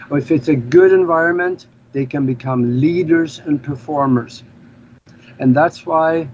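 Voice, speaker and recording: Norwegian-born male guest, explanatory and earnest, non-native English, dull audio with faint noise. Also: fairly high pitch. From Norway. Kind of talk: casual interview talk.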